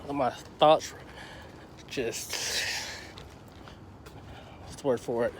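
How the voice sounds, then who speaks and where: A man's voice: medium pitch, fairly even intonation, slow pace, slight background noise. Profane ranting man, outdoors. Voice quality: profane, heated, rambling. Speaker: movie reviewer. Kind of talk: casual ranting review.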